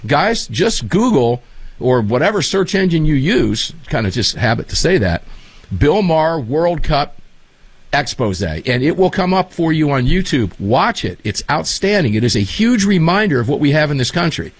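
A man hosting a casual talk show, telling animated, enthusiastic stories. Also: a little high, moderate pace, husky, no echo. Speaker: show host.

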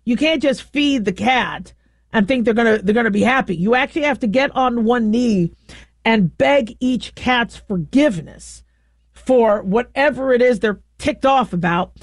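A middle-aged woman host telling a long, rambling story in a casual, animated way, often stopping to correct herself. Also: a little high, moderate pace, dry recording. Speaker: show host.

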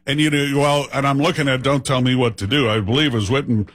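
A man's voice: mid-range voice, steady tone, quick pace, a bit bright. A man hosting an interview, answering with brief, encouraging replies. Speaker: interview host. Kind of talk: casual interview.

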